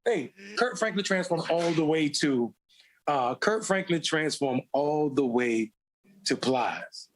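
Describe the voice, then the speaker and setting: A man's voice: a little high, expressive, takes it slowly. A man hosting a casual political talk show, hyped up, profane and teasing his co-hosts. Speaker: show host.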